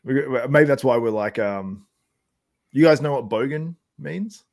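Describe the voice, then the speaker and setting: A man's voice: mid-range voice, animated, measured pace, gravelly, a little mellow. A young Australian man hosting a casual podcast chat, rambling with lots of fillers and laughs. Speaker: podcast host.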